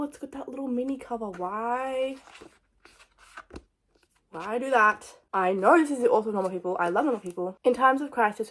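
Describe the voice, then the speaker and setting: A young adult woman chatting casually about books on her vlog, excitable and jumping between thoughts. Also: mid-range voice. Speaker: book vlogger. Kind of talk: casual book chat.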